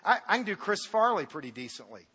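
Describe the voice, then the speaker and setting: A man's voice: sits high, sing-song, fast talker, sharp tone, slightly rough. A middle-aged male pastor preaching in a church, telling the story with jokes and reading scripture with big dramatic emphasis. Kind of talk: sermon. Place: church sanctuary. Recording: dull reverberant hall sound.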